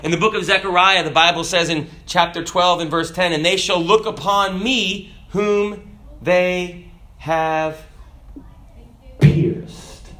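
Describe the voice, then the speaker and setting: A man's voice: high voice, fairly even intonation, takes it slowly, sharp tone. A man preaching a sermon, asking the congregation rhetorical questions and reading scripture aloud.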